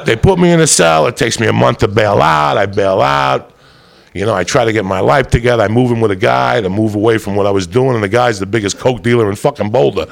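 Heavily gravelly, profane male storyteller. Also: medium pitch, quick pace. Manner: profane, rowdy storytelling with lots of asides. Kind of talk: casual chat, crime anecdote.

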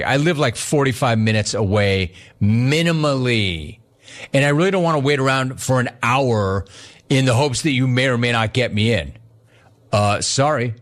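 A man on the radio telling a casual story, acting out the people in it with lively swings in his voice. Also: medium pitch. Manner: animated, acts out both sides of the story. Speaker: radio host.

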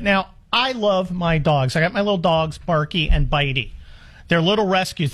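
A man's voice: high voice, moderate pace, a bit bright. A man in his fifties hosting a call-in talk radio show, ranting in an exasperated way with stammered restarts. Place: studio in the Los Angeles area.

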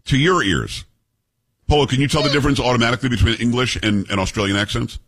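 A man's voice: medium pitch, fast, a bit bright, breathy edge. A man hosting a call-in radio talk show, joking and addressing listeners directly.

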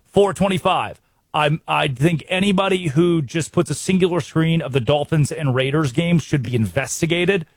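An American man hosting a sports radio show, brisk and wry, full of rhetorical questions. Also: on the high side, breathy edge, no room sound. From United States.

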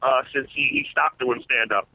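A man's voice: mid-range voice, fairly even intonation, moderate pace, vocal fry, breathy edge, no room sound. Man's voice over a tinny phone line. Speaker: comedian guest.

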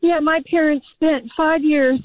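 Woman, radio caller, out of breath, hesitant, high voice, phone line. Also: steady tone, unhurried, dry recording. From United States. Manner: hesitant, many fillers. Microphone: phone outdoors.

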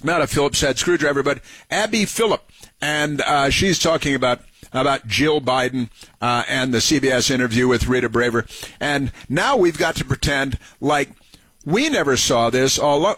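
A man's voice: mid-range voice, normal speed, fairly bright tone, no room sound. A man hosting a radio talk show, giving sarcastic political commentary, mocking and repeating phrases for emphasis. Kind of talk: political commentary over played clips.

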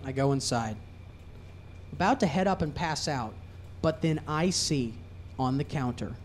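A young adult man doing a stand-up comedy set, swinging from low mutters to loud shouting. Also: a little hiss or hum.

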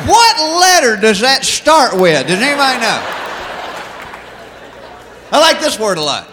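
A man from Georgia with a Southern accent, doing stand-up comedy as an animated, drawling storyteller who hollers his punchlines. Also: very high-pitched, normal speed, long pauses. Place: large live venue with audience. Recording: live hall with crowd and noise.

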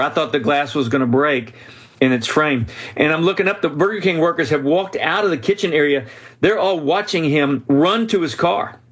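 A man telling a story as a guest in an interview, speaking earnestly and with animation, often restarting his sentences. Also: on the high side. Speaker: author and guest.

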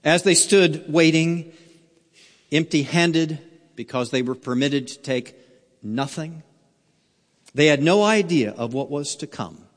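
A man preaching a sermon as a pastor, telling a story slowly and earnestly, sometimes dropping to a near hush. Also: a little high, expressive. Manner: slow, earnest storytelling with wide swings in loudness. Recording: long hall reverb.

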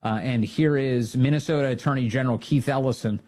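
Male commentator, husky voice, emphatic, rallying the listener. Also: mid-range voice, steady tone, brisk, a little mellow. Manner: emphatic, rises to fired-up exhortation. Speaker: political talk show host. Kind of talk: opinionated commentary.

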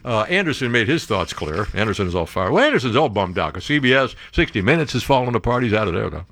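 A man hosting a show, reading news stories aloud and breaking off into sarcastic, animated commentary. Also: fast. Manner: animated, sarcastic asides, jumps to high exclamations. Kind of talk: casual political commentary.

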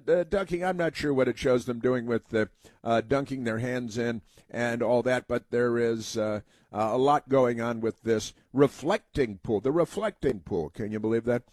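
An American man hosts a talk radio monologue in a rambling, filler-heavy way, now and then mocking others in put-on voices. His voice sits at an ordinary pitch, recorded dry and close with no room around it. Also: moderate pace, darkish tone, no room sound. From United States.

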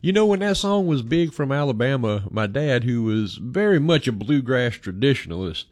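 A man's voice: mid-range voice, sing-song, moderate pace, a little mellow, dry recording. A man hosting a music radio show, chatting in a folksy, joking way and laughing often. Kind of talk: casual radio chat.

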